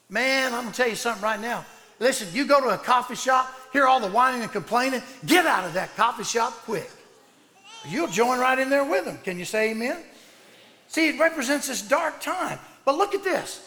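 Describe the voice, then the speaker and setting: A man, a pastor preaching a sermon in loud excited bursts that drop low and soft. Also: fairly quick. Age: 60s. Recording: long hall reverb.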